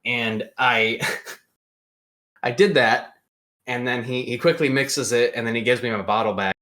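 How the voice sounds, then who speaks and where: A man's voice: mid-range voice, a little slow. Young guy, podcast host, chatty storyteller who acts out every line he quotes. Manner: animated storyteller, acts out quoted voices loudly. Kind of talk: casual storytelling chat.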